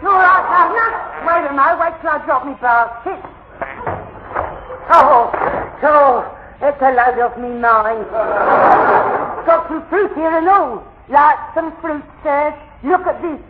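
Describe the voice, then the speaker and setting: A man playing a brash young cockney woman selling fruit at a market, with a shrill falsetto and a loud, cheeky manner. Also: takes it slowly. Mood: chirpy. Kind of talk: comedy sketch acting. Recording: old noisy lo-fi recording.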